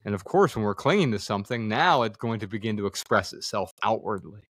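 Earnest man with a low voice. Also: a little fast, hardly any pauses, fairly bright tone. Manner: earnest, thoughtful, explains by example. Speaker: podcast guest. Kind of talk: reflective conversation.

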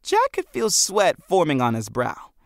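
A man narrating an audiobook with expressive storytelling. His voice moves up and down a lot and has a gravelly texture. The sound is close and dry. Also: fairly high pitch, unhurried, no room sound. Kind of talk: scripted narration.

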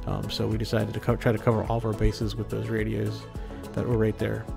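A man's voice: lowish voice, fairly quick, vocal fry, music in the background. A man hosting a ham radio channel, casually walking through his setup with lots of fillers and restarts. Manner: relaxed, many fillers and restarts. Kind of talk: casual walkthrough narration. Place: inside a trailer, walking around. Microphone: phone.

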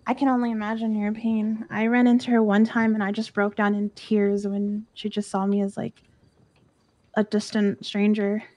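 A woman's voice: mid-range voice, little pitch movement, moderate pace, mellow, no room sound. A young woman talking in character during a roleplay stream, earnestly retelling an emotional story.

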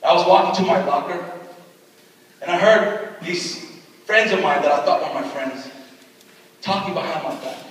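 A young man preaching a sermon, telling a personal story and acting out what people said, going from loud excitement to hushed speech. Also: high-pitched, slight background noise. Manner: storytelling with acted-out quotes. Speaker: pastor. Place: large hall at a retreat. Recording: echoey hall from far off.

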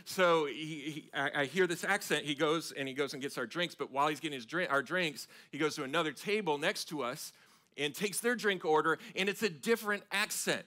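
A man, preaching a sermon as a pastor and telling self-mocking stories in an animated way. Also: on the high side, a little fast. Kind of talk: storytelling sermon. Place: church sanctuary.

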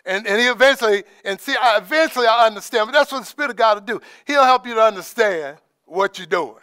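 A man giving an informal, conversational sermon as preacher, dropping in praise asides and trailing off softly. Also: high voice, expressive, fast, clean tone, no room sound, studio quality. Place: church in Alaska.

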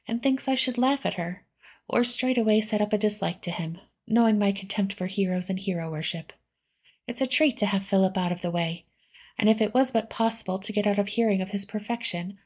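A woman voicing a sardonic, mocking young man in a whispered role-play reading, pitched higher than her narration. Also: brisk. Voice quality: soft, breathy.

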